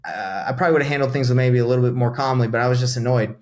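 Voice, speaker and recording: A man's voice: mid-range voice, very fast. A young man from Atlanta, a podcast guest, telling a story in casual talk and acting out what people said. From Atlanta, USA. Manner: animated, acts out quoted dialogue with lively swings. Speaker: podcast guest, real estate investor.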